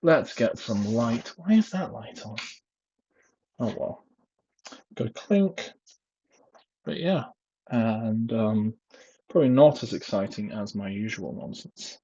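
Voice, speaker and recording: A man's voice: fairly low pitch, lively intonation, takes it slowly, pauses often, warm tone, breathy edge, dry recording. A young man vlogging casually from home into a headset mic, rambling with lots of fillers and self-deprecating asides. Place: home, indoors. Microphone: headset microphone. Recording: dull lo-fi headset mic, clipping.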